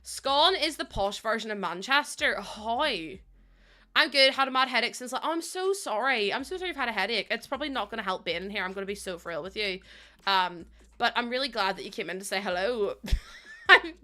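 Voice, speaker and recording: A woman's voice: a little high, lively intonation, a little fast, sharp tone. A woman streaming live, chatting casually with her viewers, greeting them and laughing often.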